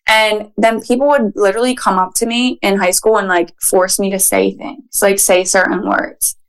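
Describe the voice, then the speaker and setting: A woman with a Philadelphia accent, a guest on a podcast, telling stories in an animated, casual way with lots of "like.". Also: medium pitch, moderate pace, clean tone. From Philadelphia, USA. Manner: animated storyteller, frequent "like".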